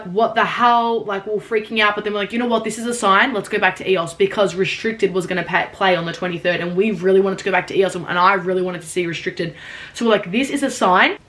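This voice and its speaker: Young woman, vlogger, rapid rambling storytime, lots of "like", casual swearing. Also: mid-range voice, fairly bright tone. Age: young adult.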